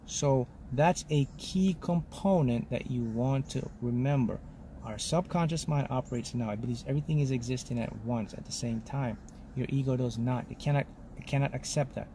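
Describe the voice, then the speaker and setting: A man's voice: medium pitch, moderate pace, dark tone, a little hiss or hum. A man giving a motivational talk as a spiritual mentor, speaking in short, emphatic statements and often checking in with "okay?". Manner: lectures in short punchy statements.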